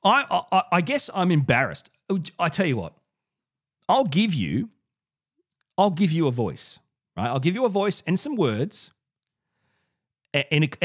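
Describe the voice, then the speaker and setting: A man talking straight to camera for his own channel, with a lively voice that swings up and down in pitch. He is sarcastic and animated, and he often doubles back on his words. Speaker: podcast and video host. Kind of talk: direct-to-camera commentary.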